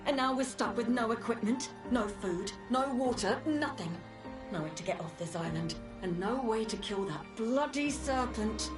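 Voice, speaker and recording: Woman voicing English expedition leader, bitter, swearing, game scene, loud score behind. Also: fairly high pitch, animated, normal speed, music in the background, lightly acted. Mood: bitter, exasperated. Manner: bitter, cursing outbursts with French swears. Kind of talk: video game voice acting.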